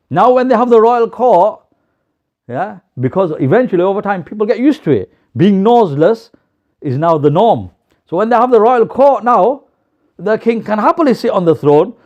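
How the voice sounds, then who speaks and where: Lively high-voiced preacher. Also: male voice. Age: young adult. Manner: lively, animated storytelling with acted quotes. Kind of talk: storytelling sermon. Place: mosque. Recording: slightly dull lo-fi recording.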